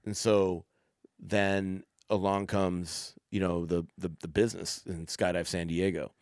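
In clean studio sound with no room echo, a middle-aged man speaks in a low-pitched, fairly flat voice at a slightly slow pace. He is a father hosting a podcast, casually talking with his son and performing the quoted exchanges in the stories he tells.

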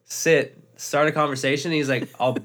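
A man's voice: a little high, fairly even intonation, moderate pace, fairly bright tone. A man in his twenties co-hosting a podcast, chatting casually, laid-back and swearing as he tells a story. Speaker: podcast co-host.

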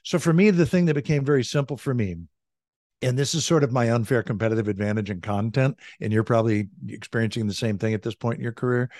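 A middle-aged male coach talks in an upbeat, conversational way, often tossing in "right?" and "like." His voice sits at an ordinary pitch and is recorded on a close studio mic in a dry home office with no room echo. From California. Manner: energetic, conversational, frequent "like" and "right?". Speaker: leadership coach. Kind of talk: podcast interview, storytelling. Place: home office with a large bookshelf. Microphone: studio desk mic.

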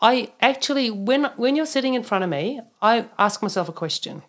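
A woman co-hosting a casual podcast, a practitioner who tells client stories in an animated, blunt way with mild swearing. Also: a little high, a little fast. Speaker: naturopath, podcast co-host.

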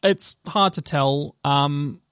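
A man's voice: a little high, slow pace, fairly bright tone, smooth, no echo, clean studio sound. A man narrating a tabletop game as game master, loose and hesitant with many fillers.

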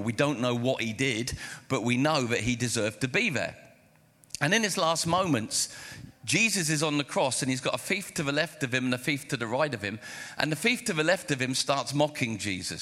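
A man preaching a sermon in a church hall, his mid-pitched voice ringing with long reverb. He tells stories with animation and acts out the dialogue, shifting between voices. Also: normal speed. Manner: animated storytelling, acting out dialogue. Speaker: pastor.

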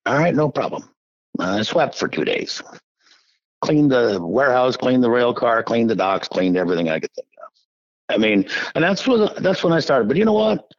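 A middle-aged man from Iowa telling his story as an interview guest in a folksy, animated way. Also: mid-range voice, normal speed, no room sound, lo-fi sound. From Iowa, USA. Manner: animated, folksy, acts out quoted voices. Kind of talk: casual storytelling.

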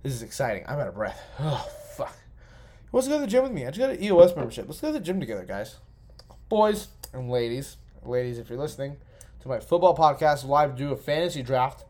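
Young male podcast host, a bit drunk, loose and profane, pitched slightly high. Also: fast talker. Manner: profane, rambling, excitable. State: tipsy. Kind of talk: casual solo commentary.

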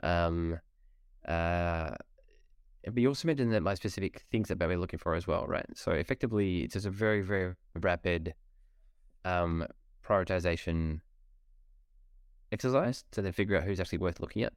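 A man hosting a podcast in casual chat, lively and prone to repeating words. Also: low voice, moderate pace, pauses often, smooth, dry recording, studio quality. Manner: chatty, laughs easily, repeats words. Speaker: podcast host.

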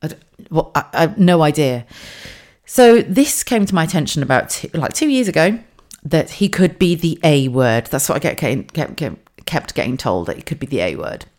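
Chatty woman with a low voice. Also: moderate pace. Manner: chatty and animated, frequent laughs and restarts. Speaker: podcast host. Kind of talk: casual monologue podcast.

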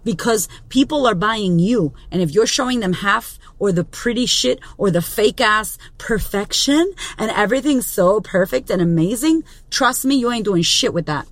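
A woman in her thirties talks straight into a close podcast mic, and the dry sound carries no room around her voice. She coaches hard and swears freely, hammering each point with a middling, steady pitch. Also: moderate pace, few pauses, dry recording. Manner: blunt, profane, emphatic. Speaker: business coach and podcast host. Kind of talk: motivational monologue. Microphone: studio podcast mic.

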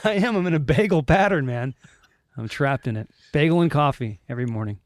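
A man hosting a casual podcast chat, asking quick questions, laughing often and repeating words. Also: on the high side, lively intonation. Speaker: host.

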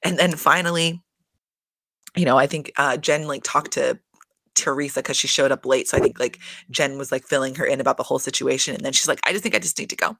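A woman's voice: very deep voice, steady tone, fairly quick, vocal fry, a bit bright, dry recording. A woman hosting a casual reality TV recap, chatty and profane, full of fillers and exasperation.

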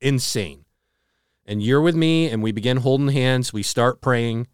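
A man co-hosting a podcast, retelling a story earnestly with halting restarts and a hushed, slowed delivery on dramatic moments. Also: clean tone, no room sound, studio quality. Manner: slows and drops to a low hush on dramatic moments. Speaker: podcast co-host. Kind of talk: casual storytelling chat.

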